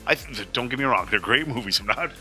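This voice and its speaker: A man's voice: mid-range voice, animated, fast talker, sharp tone, soft background music. A man in his forties hosting a movie reaction, talking casually and earnestly with many fillers and restarts. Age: 40s. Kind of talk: casual chat.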